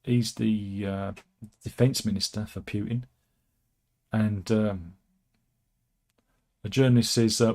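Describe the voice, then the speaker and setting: A man's voice: fairly low pitch, steady tone, slow pace, pauses often, a little mellow. A man hosting casual satirical commentary on news stories, wry and rambling, with asides and restarts. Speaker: host of a satirical news channel.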